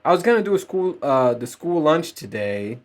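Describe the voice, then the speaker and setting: A man's high-leaning voice is very animated at a normal speed as he rants on his own podcast. The adult parent is profane and rambling, drifting into asides and laughing frequently.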